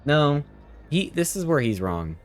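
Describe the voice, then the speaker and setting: A man's voice: on the high side, sing-song, unhurried, soft background music. A man streaming a story game, chatting casually and arguing with the characters as he reads their lines. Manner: chatty, argues with the characters, reads dialogue aloud. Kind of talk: casual let's-play commentary.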